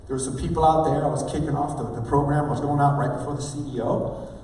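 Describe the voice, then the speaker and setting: A man giving an energetic motivational talk on stage, calling for replies from the audience. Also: fairly high pitch, fast, a little hiss or hum. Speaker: motivational speaker. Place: large hall with a live audience. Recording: echoey hall, mic at a distance.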